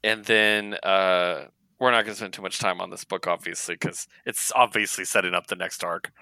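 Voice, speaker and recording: A man co-hosting a podcast, chatting casually about comics in an animated way. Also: low-pitched, moderate pace, no echo. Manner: animated, laughs often, acts out character lines. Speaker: podcast co-host. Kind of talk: casual comic book review chat.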